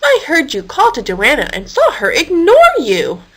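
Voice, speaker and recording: A woman's voice: on the high side, sing-song, drawn-out words, sharp tone, exaggerated voice, poor audio. A woman playing an indignant kangaroo. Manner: indignant, emphatic. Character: indignant female kangaroo, blunt and brisk.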